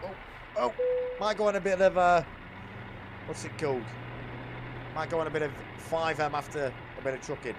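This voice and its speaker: Pitched on the high side, this man speaks at a moderate pace with frequent pauses. He's live-streaming a truck driving game, cursing freely as he chats with viewers over loud engine noise.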